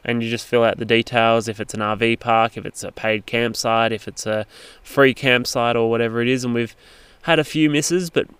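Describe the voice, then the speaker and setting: Guy telling a road trip story, lots of ums and uhs, really smooth crisp voice, dry close sound. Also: mid-range voice, steady tone, moderate pace, fairly bright tone, no room sound. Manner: rambling, with frequent fillers and restarts. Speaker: travel vlogger. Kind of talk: casual storytelling narration.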